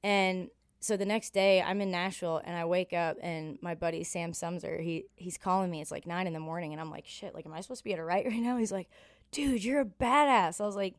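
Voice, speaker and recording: A woman's voice: fairly low pitch, fast talker, hardly any pauses, clean tone, no room sound, studio quality. A woman from Canada in her thirties, a singer telling road stories in a casual interview, candid and profane, acting out the voices in her stories. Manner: candid, profane, animated in quoted dialogue. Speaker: country singer, podcast guest.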